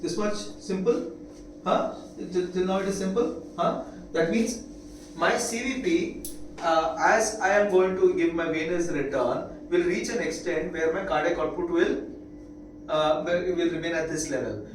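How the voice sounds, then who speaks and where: A man's voice: high voice, a little hiss or hum. A man with an Indian English accent giving a classroom lecture, repeating key points and asking the students if they follow. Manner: repetitive, checks understanding with quick questions. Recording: echoey room, mic far off.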